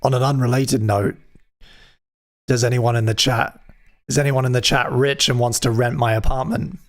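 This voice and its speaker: A man's voice: medium pitch, steady tone, moderate pace. A man hosting a live music stream, chatting casually with wry, self-deprecating jokes.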